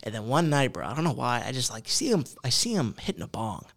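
A man in his twenties tells a story in casual chat. His voice has a gravelly, creaky edge. He talks with heavy slang and swearing and keeps the story animated. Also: mid-range voice, quick pace. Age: 20s.

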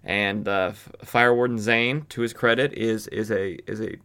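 A man with a fairly low voice talks through an old comic book story for his podcast. His delivery is loose and conversational, peppered with filler words. He drops in wry asides along the way. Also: steady tone, normal speed, a bit bright, clear, resonant tone. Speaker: podcast host. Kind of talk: casual comic book recap.

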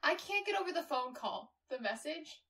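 A woman's voice: high voice, big pitch swings, moderate pace, bright, forceful tone, far from the mic. Earnest woman co-host, a bit off-mic. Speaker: podcast co-host. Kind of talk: casual true-crime chat.

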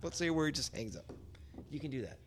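A man's voice: on the high side, lively intonation, quick pace, background noise. A middle-aged man chatting casually as a podcast guest, rambling with many restarts and salty language. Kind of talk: casual chat.

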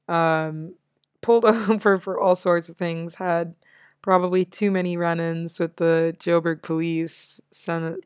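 A woman's voice: lowish voice, clear, resonant tone, dry recording. A young American woman hosting her own show, chatting casually and upbeat with frequent laughs. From United States. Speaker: podcast host. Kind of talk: casual solo chat.

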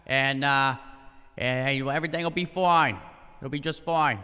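A man voicing a gruff, bossy old Boston Puritan in a thick put-on Boston accent. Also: medium pitch, fairly even intonation, normal speed, pushed and bright, big-room sound, voice pushed up, lightly acted.

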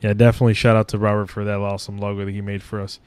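A man's voice: on the low side, completely flat delivery, racing, a little mellow, clean tone, no room sound. A young man from Mexico hosting a podcast, chatting casually, swearing a lot and laughing often. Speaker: podcast host. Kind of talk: casual chat.

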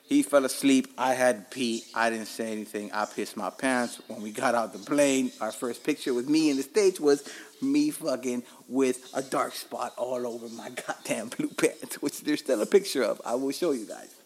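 A man's voice: mid-range voice, moderate pace, a little hiss or hum. A man in his forties with a Miami accent, hosting a podcast and telling stories in a rambling, profane, frank way. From Miami, Florida. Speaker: podcast host. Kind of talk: casual storytelling monologue.

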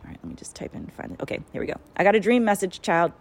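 A woman's voice: medium pitch, very fast, vocal fry. A woman talking casually as a spiritual channeler, rambling and swearing as she tells a story with lots of energy. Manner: profane, rambling, animated storytelling.

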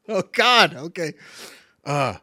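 A man chatting on his own podcast in a loose, rambling way, swearing freely and cracking himself up. His pitch jumps around a lot as he talks, and the sound is dry and close to the mic. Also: sharp tone, dry recording. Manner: rambling, profane, giggly. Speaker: podcast host. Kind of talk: casual chat.

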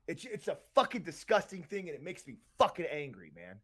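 A man's voice: fairly high pitch, huge pitch swings, a little fast, fairly bright tone, husky. A man from Tampa, Florida, co-hosting a podcast, ranting angrily with heavy swearing. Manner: angry, profane, emphatic. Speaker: podcast co-host. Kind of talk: heated podcast rant.

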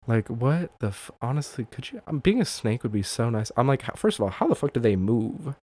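A man's voice: mid-range voice, big pitch swings, a little fast, warm tone, slightly rough, no echo. A man hosting a casual solo podcast, rambling, swearing and laughing often, with many fillers. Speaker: podcast host.

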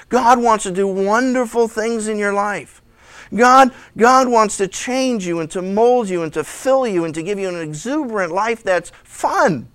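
A pastor preaching a lively sermon, acting out the voices of the people and figures he describes. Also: very high-pitched, clear, resonant tone, dry recording. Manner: animated, acts out voices of people and Jesus.

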